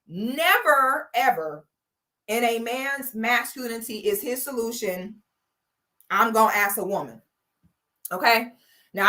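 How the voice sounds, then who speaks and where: A woman's voice: on the high side, sharp tone. Blunt, slangy woman hosting a livestream. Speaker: host. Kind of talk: livestream commentary.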